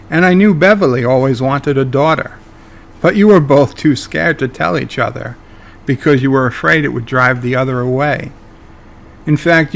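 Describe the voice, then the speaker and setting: Smug teasing godlike trickster guy, a man putting him on, higher and a bit louder than plain talk. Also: natural voice. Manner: teasing, smirking riddles. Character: smug omnipotent male trickster being.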